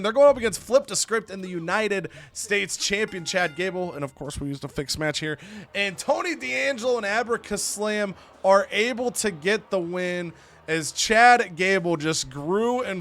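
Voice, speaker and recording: A man's voice: high-pitched, fairly bright tone. A man casually narrating a wrestling video game story with chatty asides.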